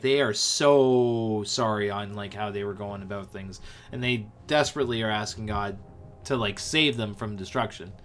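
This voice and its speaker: A man hosting a casual Bible talk on a livestream, animated and full of fillers. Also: medium pitch. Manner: animated, filler-heavy, lots of likes. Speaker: livestream host.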